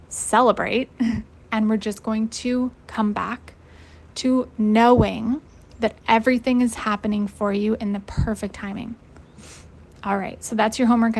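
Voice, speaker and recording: A young adult woman hosting a motivational coaching lesson, casual and energetic, swearing freely and laughing often. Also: a little high. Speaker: host and life coach.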